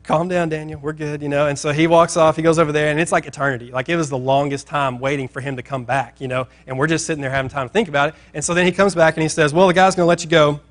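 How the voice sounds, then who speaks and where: Animated storytelling male preacher. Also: fairly high pitch, rapid-fire, hardly any pauses. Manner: animated, acting out characters. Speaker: pastor. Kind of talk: sermon storytelling.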